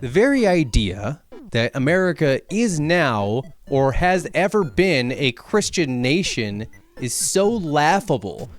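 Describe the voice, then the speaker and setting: A man's voice: a little high, very animated, slow, soft background music. A man giving a sarcastic, profane comedic rant, arguing back and forth with imagined hecklers and building to heated indignation. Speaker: political comedy essayist.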